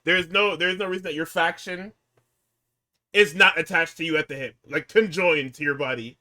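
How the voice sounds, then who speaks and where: Man, podcast co-host, heated rants, bright tense voice, somewhat high. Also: brisk. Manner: heated, ranting critique. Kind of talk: casual profane chat.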